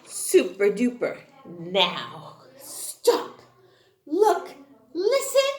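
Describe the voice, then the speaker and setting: A woman's voice: high voice, huge pitch swings, slow pace. A woman teaching a kindergarten phonics class online, talking in a playful, exaggerated sing-song way. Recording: roomy echo.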